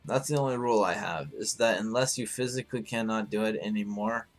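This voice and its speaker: A man hosting a live stream in casual chat, hoarse and rambling, swearing freely as he answers his viewers. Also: on the low side, fairly quick, faint music behind.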